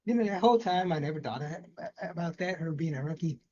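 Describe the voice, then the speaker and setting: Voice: mid-range voice, lively intonation, fast, crowd noise. A co-host chatting casually about wrestling, adding laid-back reactions and asides. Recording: muffled lo-fi audio.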